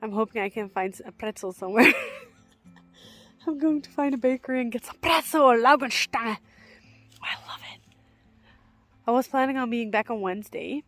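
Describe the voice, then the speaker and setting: A woman's voice: on the high side, animated, fast, fairly bright tone, soft background music. A young woman vlogging casually on an evening walk outdoors, gushing and laughing often. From Netherlands. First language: Dutch. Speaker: van-life vlogger. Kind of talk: casual vlog to camera.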